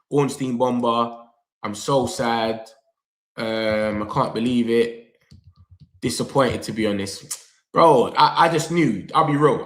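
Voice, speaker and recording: A young man, hosting a football fan reaction vlog. He talks in an animated, slangy way, straight to his viewers, and reads their comments aloud. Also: mid-range voice. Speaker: football fan channel host. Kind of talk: excited live reaction vlog. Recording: echoey room.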